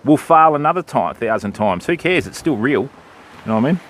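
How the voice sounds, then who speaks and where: A man's voice: medium pitch, animated, brisk. Australian man, casual stream chat, outdoors, faint background noise. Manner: chatty, matey, answering viewers. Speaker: fishing streamer. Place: beach at dawn, outdoors.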